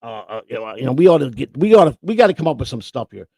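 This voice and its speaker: A man's voice: mid-range voice, big pitch swings, very fast, vocal fry, a little mellow, dry recording. A man co-hosting a casual livestream chat, rambling and boastful, repeating his words as he goes. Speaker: co-host.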